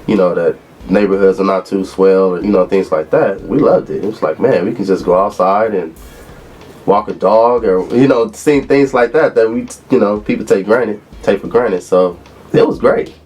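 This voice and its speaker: A man in his thirties from Los Angeles, a former college football player, relaxed as he tells stories in an interview. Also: on the low side, normal speed, breathy edge. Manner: relaxed storyteller who acts out quotes. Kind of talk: interview reminiscing.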